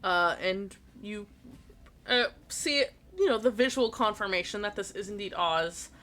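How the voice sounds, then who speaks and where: A woman runs a tabletop game as game master, narrating scenes in a rambling way full of fillers. Her voice is bright and forward, at a middling pitch. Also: a little slow. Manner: rambling, many fillers and apologies.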